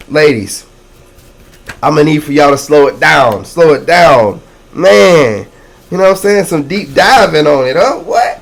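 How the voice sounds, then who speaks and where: Male tarot reader, gravelly and a touch high, excitable slangy patter, big on catchphrases and audience call-outs. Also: a little slow. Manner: excitable, slangy, repeats catchphrases, calls out to viewers. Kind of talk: casual tarot reading to camera.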